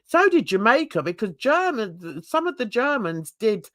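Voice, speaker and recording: Older english woman, host, chatty and swearing, very lively high voice, dry close sound. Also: moderate pace, no room sound. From England. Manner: animated, laughing, swearing, jumps into high excited squeals. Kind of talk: casual livestream chat. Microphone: video call.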